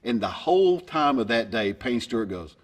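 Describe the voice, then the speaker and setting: A man's voice: mid-range voice, big pitch swings, moderate pace. A man in his fifties telling humorous anecdotes in a folksy way, acting out the voices of the people in his stories. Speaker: golfer. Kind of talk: storytelling anecdote.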